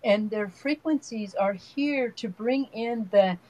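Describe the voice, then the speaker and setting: A woman's voice: fairly high pitch, slow, low-quality recording. An older woman, an energy healer, talking in a rambling, earnest way as an interview guest, telling long stories. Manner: rambling, storytelling, soft and earnest. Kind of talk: casual spiritual interview talk.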